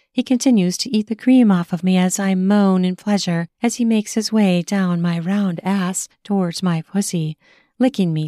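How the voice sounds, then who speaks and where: A woman narrating a first-person erotic audio story in a slow, sensual reading voice. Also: lowish voice, dark tone, dry recording, clean studio sound.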